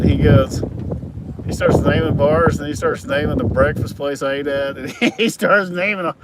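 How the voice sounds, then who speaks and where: A man's voice: on the high side, moderate pace. A middle-aged man telling a long, profane story in a loose, rambling way, chuckling as he goes. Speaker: farm worker telling stories. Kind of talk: casual storytelling. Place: outdoors at a work site. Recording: outdoor recording with traffic noise. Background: vehicle and outdoor noise.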